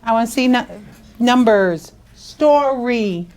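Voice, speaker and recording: A woman teaching young students phonics in a school classroom, drawing words out slowly and asking coaxing questions. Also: high voice, animated. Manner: slow, drawn-out, coaxing questions.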